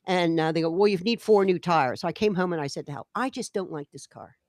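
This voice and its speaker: A woman co-hosting a relaxed chat, her voice sitting on the low side. She spins an animated story and plays out each line of dialogue. The sound is dry and close, with no room echo. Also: fast talker. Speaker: co-host. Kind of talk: casual chat.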